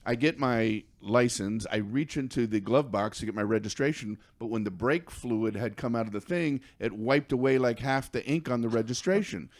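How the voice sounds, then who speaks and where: A male comedian, a guest on a podcast, tells a comic story with animated stammering restarts. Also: mid-range voice, normal speed, hardly any pauses.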